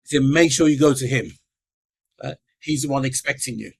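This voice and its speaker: A man's voice: medium pitch, fairly quick, vocal fry, slightly rough. A middle-aged man, a podcast guest telling his life story and acting out the voices of the people in it. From England.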